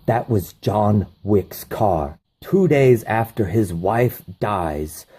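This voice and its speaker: A stern, middle-aged mob boss speaks slowly and with menace, as a man puts him on in a casual retelling. His voice sits fairly low. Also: expressive, warm tone, slightly rough, full character voice. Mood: menacing.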